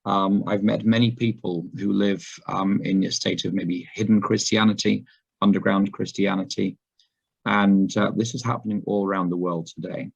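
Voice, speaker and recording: A man giving a sermon talk to a congregation, hoarse after laryngitis, unhurried and full of ums and uhs. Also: fairly low pitch, fairly even intonation. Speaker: guest speaker. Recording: dull lo-fi recording.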